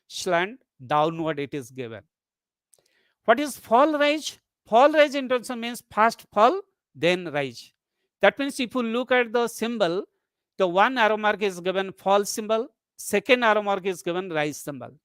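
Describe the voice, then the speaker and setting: A methodical lecturer delivering an academic webinar, defining terms and then restating them to make sure they sink in. The pitch sits in a middling range, and the recording is close and dry with no room sound. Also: fairly bright tone, dry recording. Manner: methodical, explains step by step with repeated definitions. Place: online webinar.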